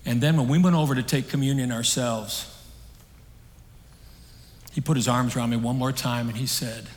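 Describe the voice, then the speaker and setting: A man preaching a sermon on a stage, telling a story in an earnest, conversational way that swings between emphatic and hushed. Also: medium pitch, fairly even intonation, normal speed, pauses often. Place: stage in a large hall. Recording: long hall reverb.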